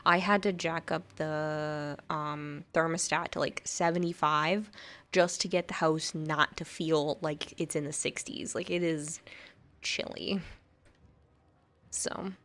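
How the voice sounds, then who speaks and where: Low-voiced woman streamer chatting casually. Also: steady tone, measured pace, a bit bright. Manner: chatty, rambling, often laughing. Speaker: livestreamer. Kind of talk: casual chat while gaming and reading chat.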